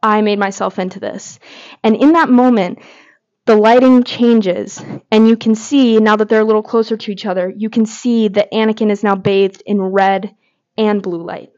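A woman's voice: medium pitch, fairly even intonation, normal speed, a little mellow. Gushing woman fan, dull lo-fi audio. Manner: gushing, heavy filler words. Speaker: podcast host. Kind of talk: casual fan commentary.

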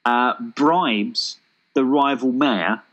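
A man, co-hosting a casual chat, pitching a made-up action film with jokey enthusiasm. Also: extremely slow, fairly bright tone, muffled recording. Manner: enthusiastic, jokey, thinks aloud with fillers. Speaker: podcast co-host.

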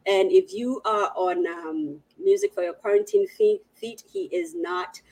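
A woman's voice: medium pitch, big pitch swings, measured pace, gravelly. A woman hosting a live online show, effusively greeting viewers and reading the chat in a playful, laughing manner. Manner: warm greeting of viewers in many languages. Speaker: host of an online storytelling show.

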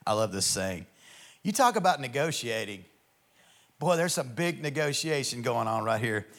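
A man, a pastor, teaching a Bible study in an enthusiastic, conversational way, reading verses aloud and commenting between them and often clearing his throat. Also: medium pitch, big pitch swings, moderate pace, a bit bright.

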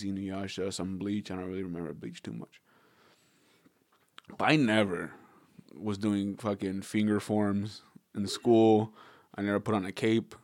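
Chatting loosely on a podcast, a Southern Californian man swears freely and laughs often in a slightly low, darkish voice. The recording is studio quality with no echo.

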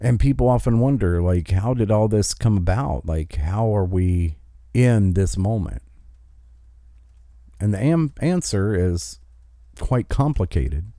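A man's voice: lowish voice, lively intonation, takes it slowly, dark tone, no room sound, clean studio sound. A man hosting an opinion podcast, delivering an angry, emphatic rant. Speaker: commentary host.

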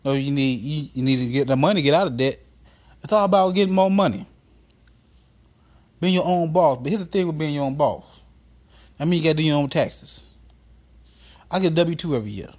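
A man's voice: fairly high pitch, a little fast, long pauses, darkish tone. A man hosting a podcast, telling a profane comedic story in a casual monologue that builds into exasperated rants. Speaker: podcast host.

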